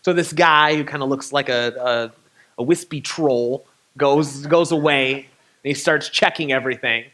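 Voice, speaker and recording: A young man from Michigan, a touring poet, telling a lively story to an audience and acting out the dialogue. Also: medium pitch, measured pace. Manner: animated, acts out dialogue with laughter. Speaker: touring poet and guest speaker. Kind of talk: storytelling talk.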